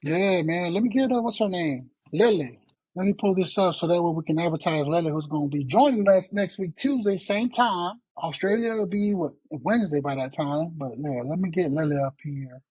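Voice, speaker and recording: A man's voice: high voice, normal speed, darkish tone, husky, dry recording, dull audio. A man co-hosting a podcast in a laid-back, casual way, often tacking "man" onto his sentences. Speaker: podcast co-host.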